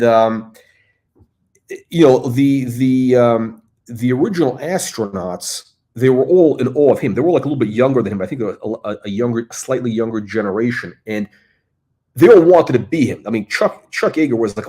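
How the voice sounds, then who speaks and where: A man's voice: mid-range voice, normal speed, mellow. A middle-aged man hosting a casual livestream, talking in a rambling way with lots of fillers and restarts. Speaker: host.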